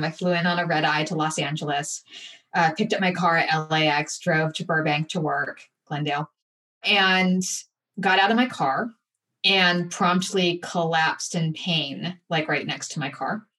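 A woman guest in an interview, telling a personal story candidly and with animated, acted-out asides. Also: low voice, measured pace, distant mic. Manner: candid, animated retelling with acted-out inner voices.

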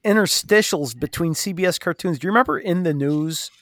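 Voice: medium pitch, fairly quick, a bit bright, no echo, clean studio sound. A podcast participant chatting casually, enthusiastic and full of memories. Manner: enthusiastic, reminiscing. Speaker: podcast guest or co-host. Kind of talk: casual chat.

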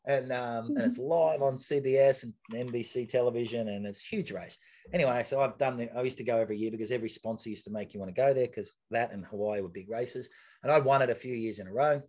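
A middle-aged man, sitting as a guest in a podcast interview. He tells stories in a casual, lively and chatty way, often tripping over and repeating words as he goes. His voice sits at an ordinary mid pitch. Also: fast talker. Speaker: podcast guest, retired athlete.

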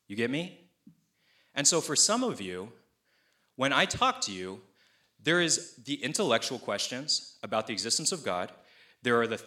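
A young pastor delivers his sermon with a bright, forward tone. He talks conversationally and tells stories with energy. He voices the people he quotes with playful asides. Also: mid-range voice.

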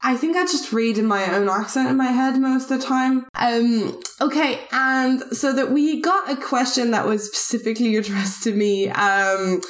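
A woman's voice: a little high, fairly even intonation, moderate pace, hardly any pauses. A woman in her thirties with a non-native English accent, co-hosting a podcast in casual chat and rambling with many fillers and restarts. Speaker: podcast co-host. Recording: roomy echo.

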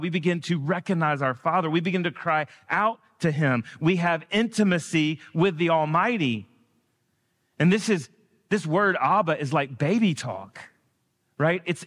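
A man preaching a sermon in a church, earnest and building to emphatic peaks, slowing down on key phrases. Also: a little high, a bit bright, big-room sound. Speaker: guest preacher. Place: church sanctuary.

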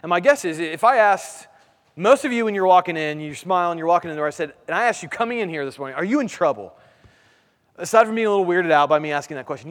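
A man in his thirties preaches a sermon, a pastor talking to his church in a conversational style and posing rhetorical questions. His voice sits a little higher than most men's. A long reverb trails behind him, as in a church sanctuary. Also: lively intonation, fairly quick, long pauses.

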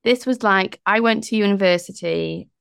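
A woman's voice: medium pitch, moderate pace, vocal fry, a bit bright, clear, resonant tone, no echo, studio quality. A middle-aged woman from the north of England with a Northern English accent, telling her story enthusiastically as a podcast guest. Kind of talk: conversational interview.

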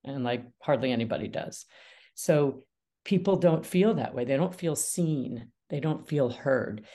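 A middle-aged woman, a guest mediator and author, talking with animated energy in a podcast interview and laughing often. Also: extremely low pitch, a little slow. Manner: lively, animated, laughs often, acts out dialogue.

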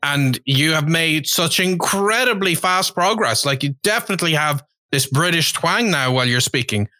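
Curious male interviewer, dry bright sound. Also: on the high side, expressive, normal speed, no echo. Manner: curious, eager, with restarts and fillers. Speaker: host, interviewer. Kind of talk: casual interview.

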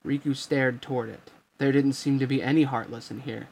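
A man's voice: medium pitch, fairly even intonation, a little fast, creaky, a little mellow, husky. A man reading a story aloud, narrating steadily and voicing the characters. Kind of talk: fan fiction reading.

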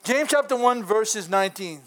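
A man's voice: high voice, animated, normal speed, fairly bright tone. A middle-aged man giving a folksy, earnest sermon, laughing often between points. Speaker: preacher.

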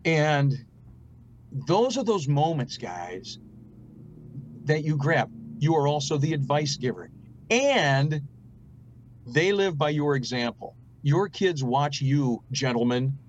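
A man's voice: on the high side, lively intonation, takes it slowly, pauses often, muffled recording, a little hiss or hum. A middle-aged man, a radio host and guest, telling family stories in an earnest, preachy way during a casual conversation.

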